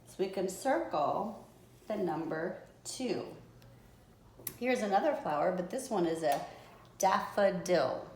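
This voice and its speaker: A woman teaching young children, her voice pitched a little low and her pace very slow as she sounds out each word. She speaks patiently and clearly. The recording is roomy and echoey, with a faint hiss of noise behind her. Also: animated, a little mellow.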